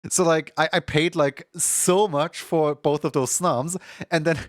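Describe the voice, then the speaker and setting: A man's voice: fairly high pitch, fairly even intonation, measured pace, no echo, studio quality. Rambling young male streamer. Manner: rambling, heavy filler words, laughs often. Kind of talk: casual livestream chat. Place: home room.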